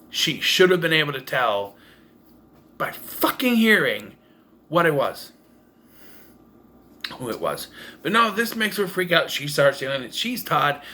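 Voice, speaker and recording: With a camera propped up on taped-together cases at home, a man rambles through a blunt, casual movie review, swearing and restarting frequently. His voice is fairly high and sharp in tone.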